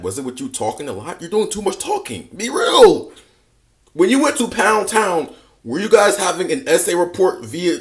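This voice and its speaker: A man hosting a dating advice reaction, talking bluntly and casually with lots of slang. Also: on the high side. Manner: blunt, slangy, mock-lecturing.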